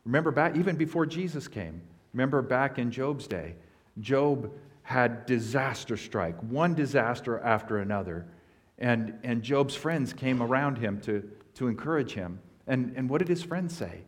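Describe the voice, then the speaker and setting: Male pastor, mid-pitched, earnest teaching sermon with emphatic swells. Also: expressive, moderate pace.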